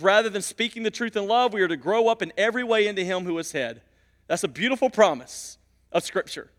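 Animated pastor preaching in a reverberant hall. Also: male voice, on the high side. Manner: animated storytelling, swinging between loud emphasis and quiet asides. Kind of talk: sermon. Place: church sanctuary. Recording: long reverb of a church hall.

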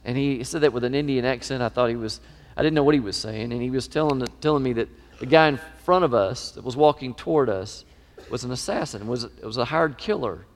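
A middle-aged man preaching a sermon, emphatic and animated, his voice swelling in pitch and volume. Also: fairly quick. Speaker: pastor. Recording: long reverb of a large hall.

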